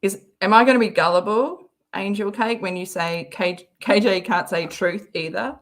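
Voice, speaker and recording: A woman's voice: mid-range voice, normal speed. An Australian woman hosting a livestream, chatting casually and giggling while she reads out viewer messages. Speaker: livestream host. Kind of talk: casual chat reacting to a clip.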